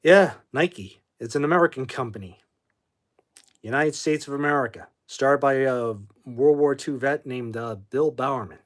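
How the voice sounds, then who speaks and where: Speaking at normal speed with a medium-pitched voice, this livestream host broadcasts casually from his phone. He wanders on about music, then snaps angrily at people in chat and curses while booting them.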